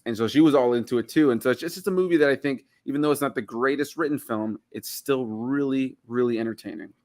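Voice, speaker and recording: A man's voice: mid-range voice, fast talker, darkish tone, no echo. A man in his thirties from Miami, a guest reviewing a film in casual chat, rambling with lots of "like" and "you know". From Miami, United States.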